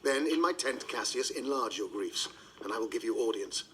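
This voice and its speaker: An actor playing Brutus, a calm, stern Roman general, in an audio recording of a play. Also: male voice, mid-range voice, normal speed, slight background noise, natural voice, low-quality recording. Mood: calm, firm.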